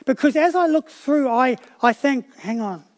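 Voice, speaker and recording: A man's voice: very high voice, moderate pace. A man preaching a sermon, telling a personal story with frequent restarts and repeated words.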